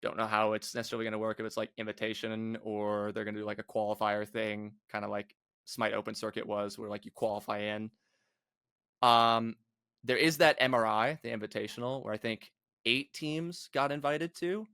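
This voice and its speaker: A man's voice: on the low side, flat delivery, fairly quick, bright, forceful tone, smooth, no echo, studio quality. A young man, a guest on a gaming podcast, talking bluntly and casually with lots of filler words. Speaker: guest, competitive gamer.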